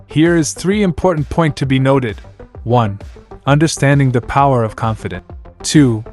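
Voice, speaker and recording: A man's voice: mid-range voice, faint music behind. Man narrating a scripted lesson. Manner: measured, announcer-like delivery of numbered points.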